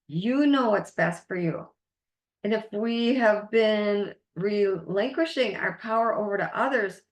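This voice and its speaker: A woman coach gives a masterclass in a voice of ordinary middle pitch. She speaks earnestly and encouragingly as she guides her listeners. The room around her sounds echoey. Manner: earnest, encouraging, guiding the listener through exercises. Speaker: life coach.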